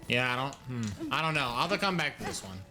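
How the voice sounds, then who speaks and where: A man's voice: mid-range voice, very animated, fast. A young man chatting casually while streaming a game live, reacting aloud to what happens and to his chat.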